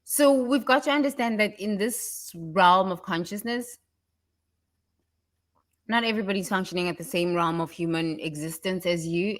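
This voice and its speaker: A woman giving a casual motivational talk, animated and laughing often, breaking into mocking impressions. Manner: animated, laughs often, mimics others in high voices. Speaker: self-help speaker.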